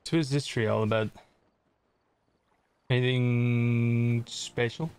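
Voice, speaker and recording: A man's voice: medium pitch, steady tone, slow, a little mellow, clean tone. A young man casually commenting on his gameplay as a streamer, chatting and joking with viewers. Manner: chatty, jokey, reads chat aloud.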